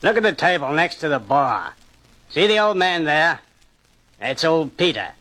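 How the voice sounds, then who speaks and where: A terse pickpocket in a 1940s radio drama. He explains his trade flatly and briefly. His voice is high and bright. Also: a little slow, heavily acted, low-quality recording. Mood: matter-of-fact. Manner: curt and matter-of-fact. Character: cool, terse male pickpocket.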